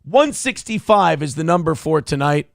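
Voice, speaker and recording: A man's voice: a little high, expressive, normal speed, vocal fry, no echo, clean studio sound. A man from central Minnesota hosting a livestream show, reading viewer donations and mocking people in a blunt, crude way. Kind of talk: casual livestream commentary.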